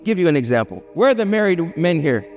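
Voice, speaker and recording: A man delivers a lively lecture, pitched fairly high and throwing questions to the audience. He acts out small everyday scenes as he goes. His voice rings in a reverberant hall over faint music. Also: fast. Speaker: Islamic speaker.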